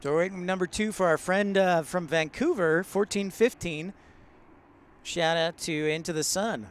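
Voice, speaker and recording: A live-stream host and plane spotter broadcasts casually from outside a large airport, greeting viewers by name, chatting and laughing often. His voice is high-pitched, with a moderate pace.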